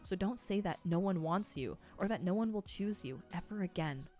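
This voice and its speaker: A woman reading the lines of a stern, devoted young male cultivation master, earnest and emphatic, in a lowish voice over faint music. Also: animated, moderate pace, warm tone, close to an everyday voice. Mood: tender.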